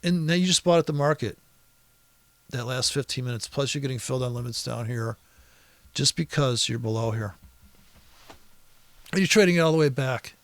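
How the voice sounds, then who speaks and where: A man's voice: mid-range voice, normal speed, long pauses, fairly bright tone, no room sound. A man walking through a trading chart in an exasperated, sarcastic, profane running commentary that rambles with restarts and asides. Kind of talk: screen-recorded chart commentary.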